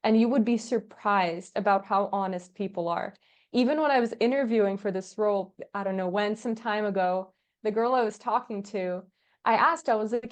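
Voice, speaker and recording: A woman's voice: a little high, brisk. A woman guest on a podcast, chatting casually and acting out quoted dialogue as she tells stories, laughing often. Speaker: podcast guest, agency founder. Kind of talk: casual interview chat.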